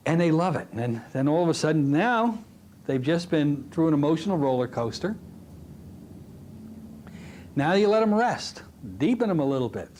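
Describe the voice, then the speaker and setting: A middle-aged man teaching a recorded hypnotherapy lesson, telling stories from his practice in a lively way. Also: on the high side, moderate pace. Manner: animated storytelling, drops to a soft hypnotic voice when demonstrating. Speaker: hypnotherapy instructor. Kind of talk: recorded training lecture.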